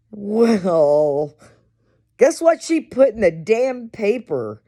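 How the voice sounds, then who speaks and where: Slow-talking woman telling stories, chuckling. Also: mid-range voice, sing-song, dark tone. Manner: laughs often while telling stories, salty language. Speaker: host. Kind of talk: casual storytelling monologue.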